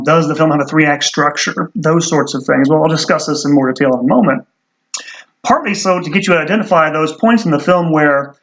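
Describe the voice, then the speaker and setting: Male history lecturer, a bit high-pitched, loose and rambling, wry, muffled recording. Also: creaky, fairly bright tone. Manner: rambling, many fillers and restarts; wry asides.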